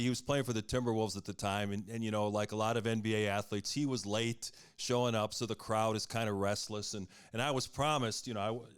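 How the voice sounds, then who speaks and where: A man's voice: on the low side, clear, resonant tone. A man hosting a podcast, talking casually and laughing often as he tells a loose story. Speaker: podcast host. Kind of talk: casual chat.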